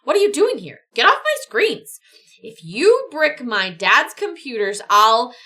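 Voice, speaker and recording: A woman's voice: high-pitched, big pitch swings, measured pace, sharp tone, heavily acted. A woman voicing a brash young male pilot who snaps at everyone, reading aloud from a storybook. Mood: indignant. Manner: indignant, snapping.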